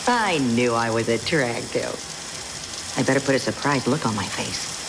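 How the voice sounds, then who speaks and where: A woman's voice: very deep voice, lively intonation, moderate pace, background noise. Vain, coy young woman. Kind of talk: sitcom acting.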